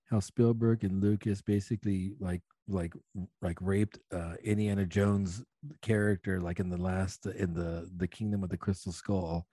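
A man's voice: lowish voice, warm tone, dry recording, clean studio sound. A man co-hosting a casual chat, laid-back, steering from one topic to the next. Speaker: podcast co-host.

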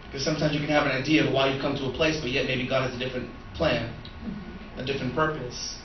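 A man preaching as a pastor, an animated storyteller who laughs and acts out the dialogue. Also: medium pitch, fast, dull audio, noisy background. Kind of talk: sermon with storytelling. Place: church sanctuary. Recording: echoey room from a distant mic.

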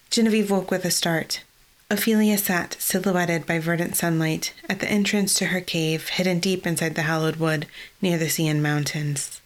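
A woman reading fantasy fiction aloud in an even, measured storytelling voice. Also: on the low side. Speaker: audiobook narrator. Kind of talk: scripted fantasy narration.

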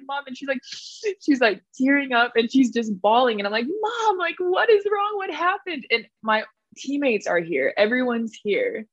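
A young adult woman telling stories on a podcast, lively, laughing often and acting out the quotes in her stories. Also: a little high, no room sound. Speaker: guest, former pro volleyball player. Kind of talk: casual podcast storytelling. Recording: dull lo-fi dry podcast audio.

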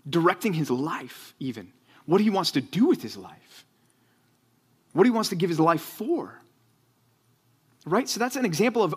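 A man preaching to students. He speaks earnestly, repeats words as he gets going and builds up to loud, fired-up emphasis. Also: high voice, slightly rough. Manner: repeats words when excited. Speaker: youth pastor. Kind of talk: sermon to students.

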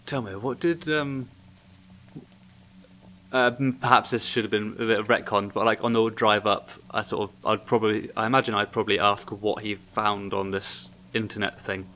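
A man's voice: fairly low pitch, level tone, moderate pace, pushed and bright. Hesitant man chatting at a game table. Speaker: player. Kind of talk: casual chat.

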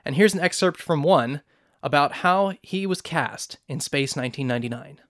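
A man hosting a podcast, reading scripted introductions smoothly. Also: on the high side, lively intonation, moderate pace, a bit bright, no echo, clean studio sound. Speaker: podcast host. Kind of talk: scripted narration.

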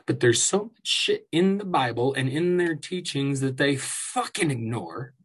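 A husky-voiced man rants at length, swearing often and mocking the people he is angry about. His voice sits at an ordinary pitch with a slightly breathy edge. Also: animated, unhurried. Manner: angry, profane, sarcastic ranting with mocking asides. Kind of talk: ranting commentary.

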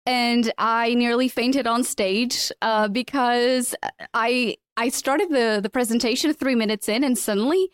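A woman whose first language is Portuguese, hosting a podcast and telling stories in a lively, casual way. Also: fairly high pitch, unhurried, clean tone, no room sound, clean studio sound. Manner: animated storyteller. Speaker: podcast host. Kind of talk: casual interview chat.

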